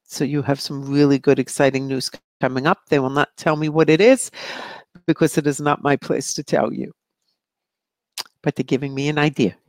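A woman's voice: low voice, little pitch movement, moderate pace, no room sound. A middle-aged woman hosting a live psychic question show, reading out viewer questions in a breezy, chatty way and laughing often. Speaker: psychic medium show host.

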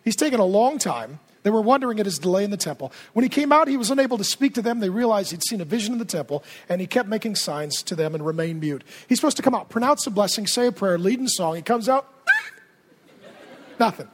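A male pastor preaching a sermon in an animated, humorous, conversational way. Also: sits high, fast talker.

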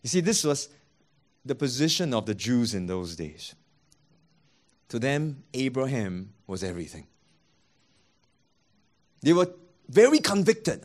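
A man delivers a sermon, voicing every side of the dialogues he retells. His voice sits high and swings widely in pitch. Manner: animated, acts out both sides of dialogues. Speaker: pastor.

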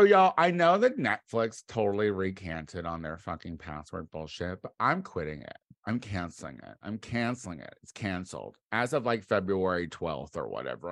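A fairly low-voiced American man rambles through a comic monologue, swearing freely and bursting out loud now and then. The sound is dry and close, with no room echo. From United States. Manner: rambling and profane, with sudden loud outbursts. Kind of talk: casual comedic monologue.

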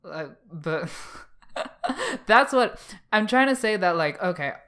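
A woman's voice: medium pitch, animated, takes it slowly, fairly bright tone. A young woman co-hosting a podcast, debating in a blunt, sarcastic, loose way. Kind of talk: casual debate chat.

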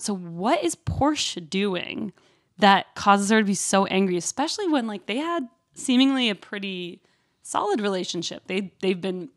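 A woman co-hosting a podcast in casual chat, animated and acting out quotes in a high voice. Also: moderate pace, dry recording, clean studio sound. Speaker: podcast co-host.

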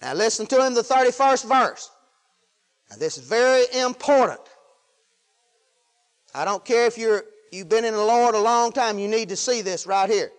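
A man preaching a fervent sermon, swinging between loud exclamations of praise and low, quieter asides. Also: animated, moderate pace, pauses often. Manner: fervent, rising and falling with hallelujahs.

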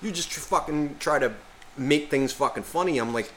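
A man's voice: fairly high pitch, normal speed, fairly bright tone, a little hiss or hum. A man co-hosting a podcast, rambling and swearing constantly as he rants in casual chat. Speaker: podcast co-host.

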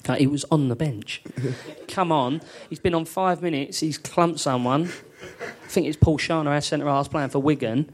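A man's voice: fairly high pitch, moderate pace. A man, a former footballer, telling anecdotes with lots of laughter on a live podcast in a theatre studio.

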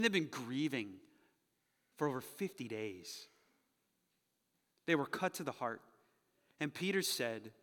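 A male pastor preaching a sermon, who acts out quoted voices with energy and then drops to soft, hushed moments. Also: medium pitch. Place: church sanctuary. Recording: long hall reverb.

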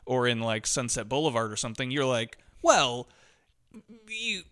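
A man's voice: mid-range voice, very animated, moderate pace, a bit bright, smooth. A man co-hosting a casual movie podcast, riffing on jokes and laughing a lot. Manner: laughing, riffs on jokes, quotes characters. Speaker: podcast co-host.

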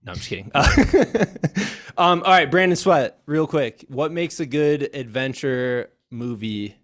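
A man's voice: fairly high pitch, lively intonation, measured pace, a bit bright. A young man hosting a casual podcast, joking around and laughing often. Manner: jokey, laughs often, playful bits. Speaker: podcast host.

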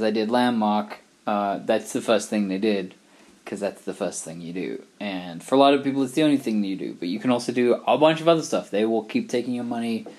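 A middle-aged man from England, talking in a wry, rambling, digressive monologue. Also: fairly low pitch. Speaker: vlogger. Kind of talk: casual monologue.

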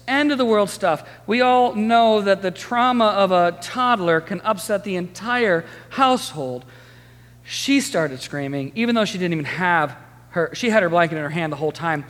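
A man in his thirties preaches a sermon in a lively, conversational storytelling manner. His voice sits high for a man. It rings out with a long reverb through a church sanctuary. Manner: lively, storytelling, chatty with the congregation. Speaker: pastor.

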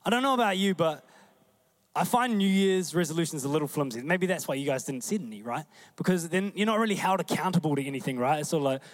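Male preacher, New Zealand accent, slightly high voice, casual and lively sermon delivery. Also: quick pace. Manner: conversational, animated, acts out quoted voices.

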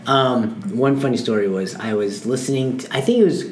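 A woman in casual podcast chat, telling an animated anecdote. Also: very deep voice, normal speed, echoey room, slight background noise. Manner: animated storyteller. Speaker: podcast co-host.

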